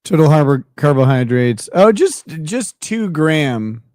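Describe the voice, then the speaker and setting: A high-voiced man with a very lively, swooping delivery, ribbing his co-host on a casual stream. He swears freely and slips into mock courtroom questioning. The sound is dry and close. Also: measured pace, no echo. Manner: teasing, profane, mock cross-examining. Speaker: livestream co-host. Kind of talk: casual livestream banter.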